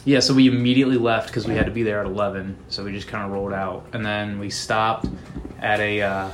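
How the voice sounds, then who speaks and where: A man's voice: fairly low pitch, fairly even intonation, fast, noisy background. A young man casually chatting on a podcast from a home kitchen, telling stories loosely with lots of fillers. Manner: loose, filler-heavy storytelling with quoted voices. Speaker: podcast co-host. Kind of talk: casual chat.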